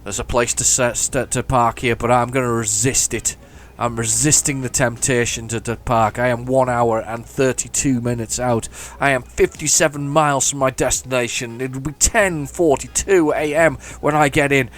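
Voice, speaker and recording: A man's voice: mid-range voice, steady tone, normal speed, few pauses. A man giving chatty, mock-heroic commentary while playing a driving game. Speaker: gaming channel host. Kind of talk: casual gameplay commentary.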